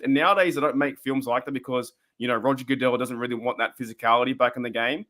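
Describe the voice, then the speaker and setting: A man's voice: mid-range voice, fairly even intonation, fast talker, few pauses, fairly bright tone. An Australian man in his thirties, a podcast guest chatting casually and rambling a little. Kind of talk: casual chat.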